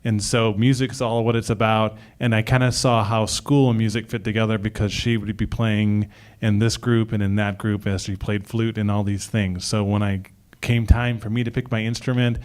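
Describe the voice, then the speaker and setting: Man from Detroit area, storyteller, smooth resonant voice. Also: on the low side, fairly even intonation, normal speed, darkish tone. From Detroit area, USA. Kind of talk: personal story told on stage.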